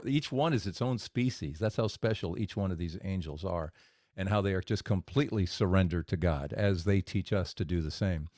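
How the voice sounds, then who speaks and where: Low-voiced man hosting a faith podcast. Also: dry recording, clean studio sound. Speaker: podcast host. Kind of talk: faith podcast storytelling and commentary.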